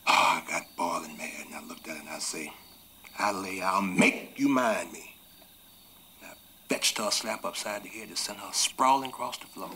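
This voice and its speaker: In this 1980s TV film drama, an actor plays a gentle, regretful runaway on a raft, telling his tale slowly and sincerely in a rural Southern US dialect and often dropping to a whisper. His voice is low-pitched with fairly even intonation, and there's slight background noise.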